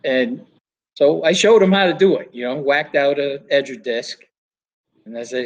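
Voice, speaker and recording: A man's voice: mid-range voice, moderate pace, lo-fi sound. An older man, a flooring trainer, chatting casually and telling stories about the trade with quoted voices. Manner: storytelling with quoted voices and laughs. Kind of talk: casual chat.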